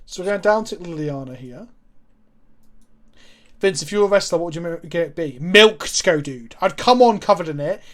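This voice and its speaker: A man's voice: fairly high pitch, normal speed. A man streaming a card game, chatting casually, joking and swearing freely as he plays. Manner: animated, jokey, swears freely. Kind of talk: casual chat while gaming.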